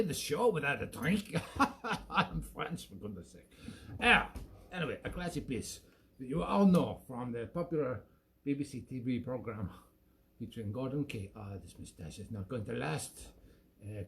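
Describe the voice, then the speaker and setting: A man's voice: medium pitch, creaky, fairly bright tone, a little hiss or hum. A man playing a bumbling French show host, talking in an exaggerated fake French accent that drifts toward Italian on a home webcam stream. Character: bumbling male French host, hammy and chatty. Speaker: livestream music show host. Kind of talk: comic live-stream banter.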